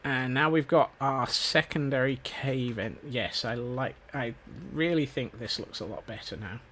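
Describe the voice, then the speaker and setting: A man's voice: medium pitch, a little slow, a bit bright. A Scottish man streaming a game, rambling casually and cracking self-mocking jokes. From Scotland. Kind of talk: casual gameplay commentary. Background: faint background music.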